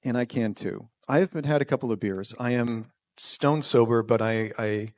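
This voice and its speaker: A man's voice: mid-range voice, normal speed, a little mellow, dry recording. A man telling a personal story on stage, wry and self-deprecating, with nervous restarts. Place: small performance venue.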